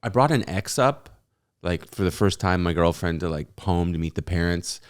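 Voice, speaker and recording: A man's voice: deep voice, normal speed. A man who is a comedian guest on a podcast, telling family stories in a rambling way full of "like" and restarts. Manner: rambling, with many "like" fillers and restarts. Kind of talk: casual podcast storytelling.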